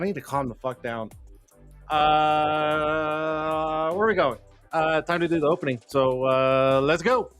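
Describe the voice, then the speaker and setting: A man's voice: on the high side, steady tone, a little slow, long pauses, a bit bright, smooth. Flustered cussing livestream host, man. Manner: rambling, cussing, self-deprecating, jokey; flustered, talking to himself while fixing tech. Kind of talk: casual live-stream chat. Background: faint background music.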